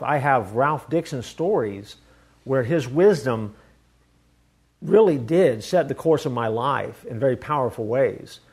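A man's voice: mid-range voice, darkish tone, breathy edge. A man preaching a sermon in an earnest, conversational way, telling a personal story with many restarts. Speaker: pastor.

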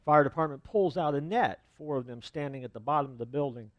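A man preaching a sermon as the pastor of a church, in a relaxed, conversational manner with fillers and asides. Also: mid-range voice, quick pace, no echo, lo-fi sound.

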